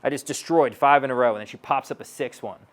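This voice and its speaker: A man's voice: medium pitch, fast. A man giving a stage talk to an audience as a sales coach, brash and blunt, swearing and acting out both sides of dialogues.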